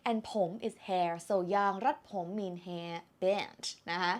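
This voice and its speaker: In an online language lesson, a Thai-accented woman speaks slowly and with care, repeating words so learners can hear their tones. Her voice sits in the mid-range.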